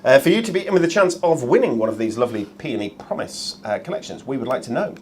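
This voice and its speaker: A man's voice: medium pitch, lively intonation, fast talker, slight background noise. A man hosting a live shopping show, chatty and jokey with plenty of ums.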